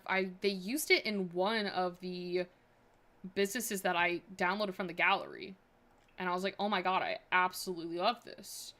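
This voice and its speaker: Woman, game streamer, casual chat, rambling thoughts, mid pitch. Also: sharp tone. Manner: thinking aloud, chatty, filler-heavy.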